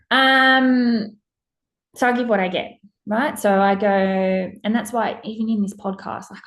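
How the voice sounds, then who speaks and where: A woman hosting a podcast in a casual, emphatic monologue, blunt and swearing freely. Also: mid-range voice. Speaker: podcast host.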